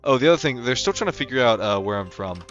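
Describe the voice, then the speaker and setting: A man's voice: mid-range voice, animated, fast talker, a bit bright. A young man chatting casually on a livestream, rambling with lots of fillers and restarts. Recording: dull lo-fi sound with faint music behind.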